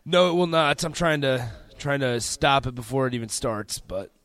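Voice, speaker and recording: A man's voice: medium pitch, expressive, normal speed, a bit bright. A man co-hosting a sports radio show, good-naturedly explaining a nickname and his time as an intern. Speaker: radio co-host. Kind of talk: casual radio banter.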